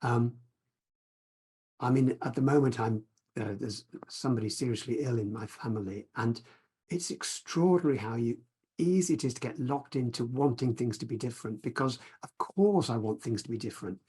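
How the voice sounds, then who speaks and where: Gentle mellow-voiced male mindfulness teacher. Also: medium pitch, husky. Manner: gentle, reflective, unhurried. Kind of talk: teaching talk with guided practice. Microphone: video call.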